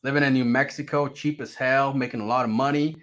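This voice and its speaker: Man telling his life story, loud and profane. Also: medium pitch, brisk. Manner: profane, animated, swings from loud to mumbled. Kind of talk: casual storytelling to viewers.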